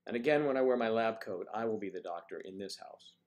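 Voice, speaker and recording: Older man, livestream host, casual chat, slightly low voice, playful, reads out viewer comments. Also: fast talker, a little mellow. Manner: chatty, greets viewers by name, playful.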